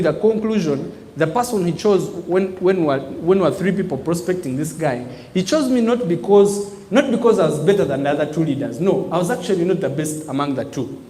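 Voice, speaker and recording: A man delivers a motivational business talk to a live audience. His voice sits high, and he drives his points home with call-and-response prompts. The sound rings with the long reverb of a large hall. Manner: call-and-response preaching, emphatic, animated.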